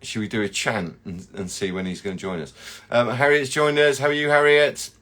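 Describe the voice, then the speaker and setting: A man's voice: mid-range voice, fairly even intonation, fairly quick, fairly bright tone. A man, a chocolatier hosting a casual live chat and rambling through viewer comments.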